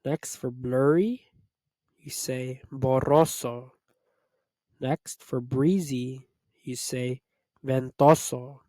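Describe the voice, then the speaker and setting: A man teaching a vocabulary lesson, calmly drilling one word after another in a slow, deliberate way. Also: medium pitch, no echo. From United States. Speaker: Spanish tutor.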